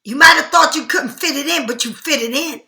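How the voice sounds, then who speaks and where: A woman talks through a tarot reading in a loose, slangy, animated way. Her voice sits high and sounds bright. The room around her is echoey. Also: brisk, vocal fry. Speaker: tarot reader.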